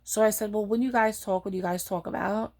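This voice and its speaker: Blunt chatty woman with a gravelly voice. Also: medium pitch, steady tone, quick pace, darkish tone. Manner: blunt, chatty, acts out quoted dialogue; frequent fillers like "like" and "um". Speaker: storyteller. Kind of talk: casual personal storytelling.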